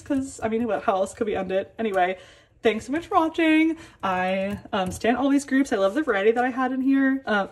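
A young woman casually vlogging an album unboxing, gushing and exclaiming with excitement as she goes. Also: a little high.

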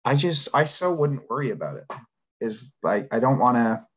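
A man co-hosting a marketing meetup, giving relaxed, rambling advice with many fillers over a video call. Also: mid-range voice, normal speed, breathy edge. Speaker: marketing agency co-host. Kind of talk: casual advice on a livestream. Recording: dull lo-fi video call audio.

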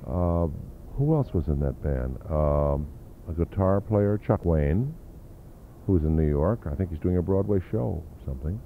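Low-voiced older man reminiscing on tinny tape. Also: expressive, unhurried, a little hiss or hum. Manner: rambling anecdotal storytelling with fillers. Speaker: interview guest, drummer. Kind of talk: reminiscing interview.

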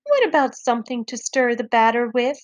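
Woman doing a small storybook fairy, bright, eager and higher. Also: very animated, fairly quick, no room sound. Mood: curious.

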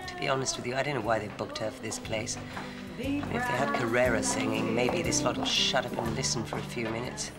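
A chatty caring friend. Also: female voice, extremely low pitch, expressive, fairly quick. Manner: chatty, pleading. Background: loud music.

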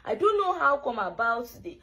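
A woman's voice: fairly high pitch, big pitch swings, moderate pace, sharp tone, poor audio. A woman in a played clip, pleading and apologizing over and over. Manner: pleading, repetitive.

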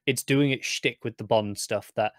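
A man's voice: mid-range voice, moderate pace, no echo, clean studio sound. A man co-hosting a podcast, chatting casually about TV with wry, joking asides. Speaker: podcast co-host. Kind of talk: casual TV review chat.

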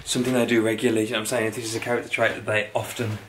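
Energetic young man vlogging over noise. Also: on the low side, rapid-fire. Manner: energetic, swears casually. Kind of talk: casual vlog talk. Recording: noisy background.

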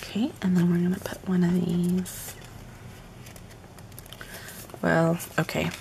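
A woman's voice: on the low side, level tone, slow, vocal fry, background noise. A woman chatting casually on a live stream while decorating a planner at home, muttering asides to herself as she works.

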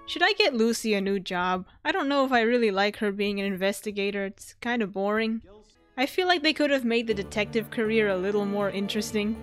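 A woman hosting a gaming channel, giving casual gameplay commentary in an excitable, jumpy way and often breaking into laughter and squeals. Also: medium pitch, fairly quick, faint music behind.

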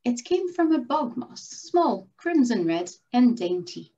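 A middle-aged woman from Quebec, narrating a rhyming story at a live event in a slow, gentle way. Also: a little high, very animated. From Quebec, Canada. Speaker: storyteller and scientist. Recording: dull lo-fi recording.

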